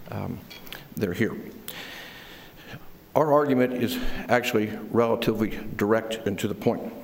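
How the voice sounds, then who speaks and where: A male defense attorney arguing before a court in a measured, formal way, with frequent ums and restarts. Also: fairly low pitch. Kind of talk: courtroom oral argument. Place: large courtroom. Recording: reverberant courtroom recording with faint noise.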